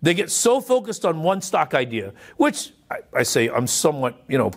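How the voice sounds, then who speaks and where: A man being interviewed as an investment officer, telling stories in an animated, emphatic way. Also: fairly high pitch, normal speed, slightly rough. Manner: animated, story-driven, emphatic. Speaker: co-founder and investment officer, guest. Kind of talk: anecdotal storytelling in an interview.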